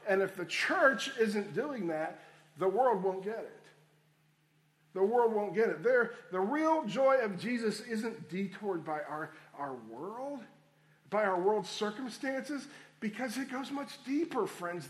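A man preaching a sermon, addressing listeners as friends and repeating key phrases for emphasis. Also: sits high. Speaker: pastor.

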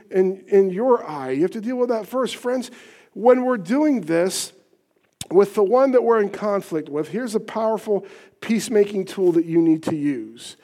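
A man with a fairly high voice preaches a sermon from the pulpit. He pushes his points hard, then drops to near a whisper for the tender lines, and leads the congregation in repeating phrases back to him. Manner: swings between loud emphatic points and soft hushed asides; leads congregation in call-and-response repetition. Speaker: pastor.

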